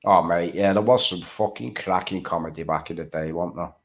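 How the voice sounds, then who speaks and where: A man's voice: deep voice, fairly even intonation, fairly quick, lo-fi sound. A man co-hosting a casual chat, blokey and sweary, calling people mate. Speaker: co-host. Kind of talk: casual late-night chat.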